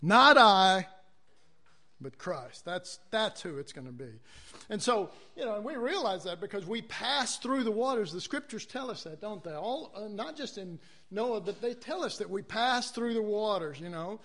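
Man, preacher, sermon, very high pitch, animated, calls for amens. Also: moderate pace. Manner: animated, acts out quoted voices, asks the congregation for amens.

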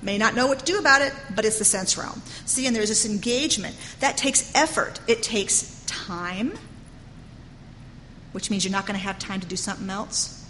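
A woman's voice: medium pitch, moderate pace, bright, forceful tone, a little hiss or hum. Earnest woman preaching in a reverberant hall. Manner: earnest, conversational preaching with frequent "you know". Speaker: Bible teacher. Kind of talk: sermon. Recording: long hall reverb with faint ambience.

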